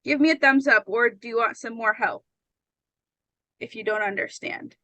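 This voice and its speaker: A woman's voice: on the high side, moderate pace, pushed and bright, dry recording, low-quality recording. A woman teaching an English pronunciation lesson, patient and often checking that her students understand.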